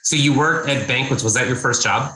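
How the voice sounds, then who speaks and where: A man's voice: medium pitch, fairly quick, bright, forceful tone, slight background noise. A male podcast host asking friendly, teasing follow-up questions in casual chat. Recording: roomy echo.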